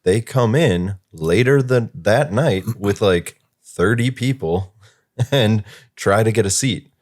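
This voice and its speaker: A man's voice: lowish voice, animated, slow pace, a little mellow. A man, a podcast co-host, recounting a work story in easygoing casual chat.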